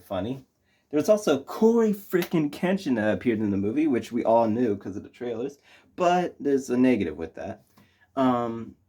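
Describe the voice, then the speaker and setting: A man's voice: mid-range voice, a little mellow, slightly rough. A young man reviewing a movie in casual chat, rambling with lots of fillers and restarts.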